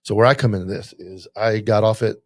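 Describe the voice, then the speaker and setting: A man's voice: fairly low pitch, fairly even intonation, brisk, dry recording, clean studio sound. A man hosting a casual interview, a police officer himself, who tells stories animatedly, swears freely and acts out both sides of a phone call. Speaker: podcast host, police officer.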